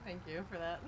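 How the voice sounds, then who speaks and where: Woman streamer, higher voice, chatty and quick to laugh, faint engine noise behind. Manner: chatty, laughs often, reads and answers chat. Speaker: live streamer. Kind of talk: casual live-stream chat. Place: outdoors on a farm, driving a tractor.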